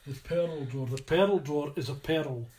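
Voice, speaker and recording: A man's voice: on the high side, normal speed, a little mellow. A man with a Scottish accent reading out viewer comments on a casual livestream, teasing and joking.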